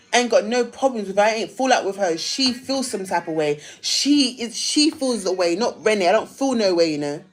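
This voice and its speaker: Ranting woman on a livestream. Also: medium pitch. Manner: emphatic, repetitive, ranting. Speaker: live streamer. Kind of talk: heated live-stream rant.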